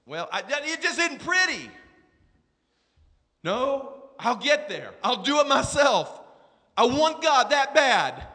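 A male preacher with a high, bright voice delivers a sermon, telling a story softly before rising to shouted exhortation. The sound rings with the long reverb of a large hall. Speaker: pastor.

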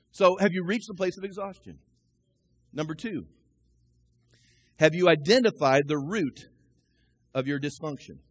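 A man preaching a sermon as a pastor, impassioned, swinging from shouts down to low, quiet passages. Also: breathy edge, no room sound, low-quality recording.

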